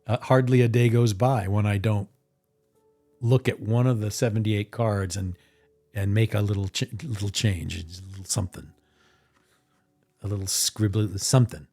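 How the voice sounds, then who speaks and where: A man talking casually on a live stream about making his tarot deck, rambling and animated, restarting his sentences as he goes. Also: lowish voice, normal speed, pauses often, faint music behind. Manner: rambling and animated, acting out his own reactions.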